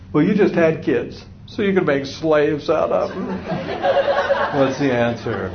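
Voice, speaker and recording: A man's voice: mid-range voice, animated, moderate pace. A man giving a live parenting seminar to an audience, wry and humorous, acting out little parent-and-kid dialogues. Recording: dull lo-fi recording with faint noise.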